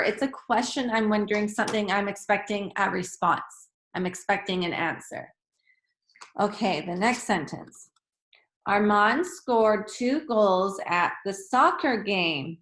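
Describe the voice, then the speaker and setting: A woman teaches a lesson for young children in a patient, encouraging way. Her voice sits at an ordinary middle pitch. The room around her is roomy and echoey. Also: fairly bright tone.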